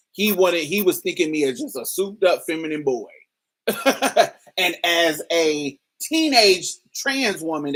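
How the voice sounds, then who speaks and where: A woman telling a personal story in a candid, casual way, swearing freely and laughing often. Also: low-pitched. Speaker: storyteller host.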